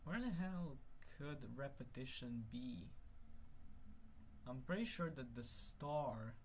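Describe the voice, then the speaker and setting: Young man muttering through a slow livestream. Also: mid-range voice, animated, a little hiss or hum. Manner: thinks aloud, mutters, swears, exasperated then laughing. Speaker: conlang streamer. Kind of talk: casual live-stream muttering while working.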